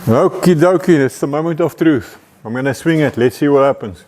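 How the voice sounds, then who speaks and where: A man's voice: on the high side, brisk, a little mellow, a little hiss or hum. Man, South African accent, casual vlog host, upbeat, chatty. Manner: chatty and upbeat, laughs often, tags lines with "eh". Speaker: vlog host restoring an old truck.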